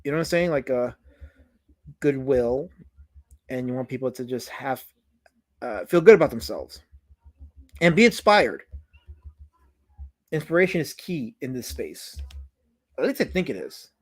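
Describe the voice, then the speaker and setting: A man's voice: medium pitch, big pitch swings, a little slow, pauses often. A man hosting a live drawing stream, chatting casually and slipping into mock-offended, theatrical complaints. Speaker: livestream host.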